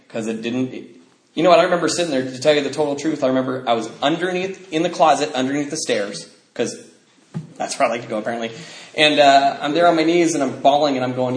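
A middle-aged man shares his own story of recovery, his voice surging and dropping with emotion. His pitch sits in an ordinary middle range. The sound carries a clear echo from the room. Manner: emotional storytelling with sudden swings in loudness. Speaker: speaker sharing at a recovery meeting. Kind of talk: personal testimony talk. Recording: echoey room.

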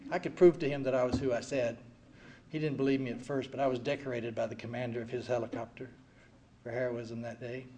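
A man in his sixties giving an earnest personal recovery testimony, swinging from quiet heavy passages to loud wry ones. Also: mid-range voice, a little hiss or hum. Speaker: speaker sharing at a recovery meeting.

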